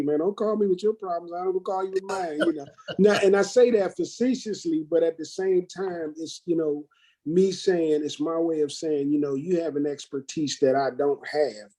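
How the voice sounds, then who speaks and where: A man's voice: a little high, warm tone, rough recording. Emphatic man coaching real estate agents. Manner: emphatic, sales-pep, acts out his own quoted lines. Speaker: brokerage host training agents. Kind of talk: casual talk to agents.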